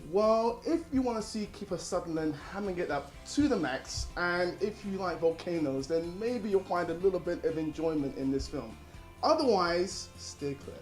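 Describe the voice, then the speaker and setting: A young man giving an animated, rambling film review, often laughing. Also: high-pitched, normal speed, echoey room, soft background music. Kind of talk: casual film review chat.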